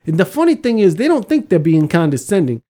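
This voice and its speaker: A man's voice: sits high, very animated, quick pace, mellow. A man in casual conversation, laid-back, laughing often and swearing freely. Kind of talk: casual podcast chat.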